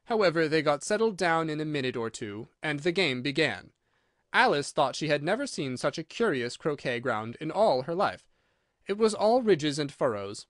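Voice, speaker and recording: A man reading a children's audiobook with an expressive, animated delivery. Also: a little high, moderate pace, no room sound, studio quality. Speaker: audiobook narrator. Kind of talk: audiobook narration.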